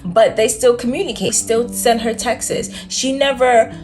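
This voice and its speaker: A woman's voice: fairly high pitch, a little slow, music in the background. A woman vlogger telling her own story to camera in a casual, blunt, emphatic way, with lots of "like" fillers and slang. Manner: emphatic, candid, frequent "like" fillers. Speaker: self-development vlogger.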